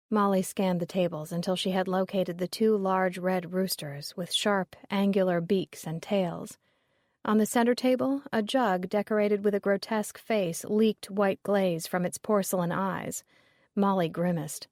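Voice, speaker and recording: A woman narrating a mystery audiobook in a steady, even, descriptive way. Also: medium pitch, measured pace, no room sound, clean studio sound.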